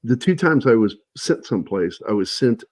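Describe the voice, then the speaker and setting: Middle-aged guy on a stream, husky lowish voice, animated storytelling, dry sound. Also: normal speed, no echo. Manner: animated anecdotes, shouting in quoted lines. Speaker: guest. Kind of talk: casual storytelling on a livestream.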